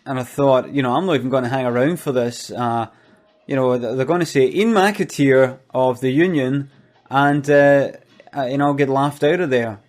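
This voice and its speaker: A Glaswegian man playing a boastful, foul-mouthed business boss in a rambling comedy monologue full of hesitant fillers that breaks into furious shouting. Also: medium pitch, normal speed, natural voice. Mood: grudging, rambling.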